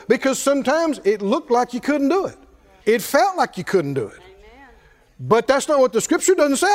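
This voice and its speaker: A male preacher with a strikingly high voice, delivering a sermon full of emphatic call-and-response. He pushes his points hard and at times rises to a shout. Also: big pitch swings, unhurried, long pauses.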